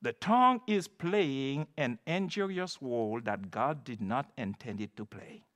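A man's voice: mid-range voice, animated, measured pace, a bit bright. A man preaching an expository sermon, emphatic and repeating key phrases for stress.

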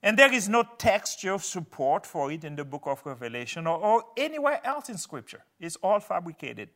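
Earnest preaching man, slightly high voice. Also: big pitch swings, moderate pace. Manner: earnest preaching, swelling loud then dropping low. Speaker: pastor. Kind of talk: sermon.

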